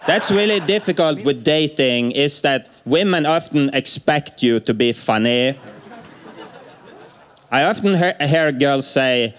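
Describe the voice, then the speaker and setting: A man doing a stand-up set with a dry, halting delivery. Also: fairly high pitch, animated, fairly bright tone. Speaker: stand-up comedian. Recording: club set with music and crowd.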